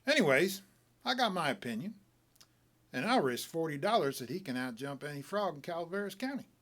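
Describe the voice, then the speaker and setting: A man's voice: on the high side, big pitch swings, brisk, fairly bright tone. A man voicing an easygoing, proud frontier gambler who talks in a careless, folksy drawl. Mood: easy, careless.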